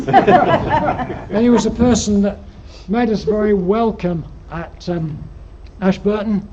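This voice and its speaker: A man's voice: high voice, slow. Older Yorkshire man telling climbing stories. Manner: rambling, dryly humorous, frequent ums. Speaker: guest speaker at alpine club. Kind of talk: anecdotal slide-show talk. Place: lecture room. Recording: dull lo-fi recording with faint noise.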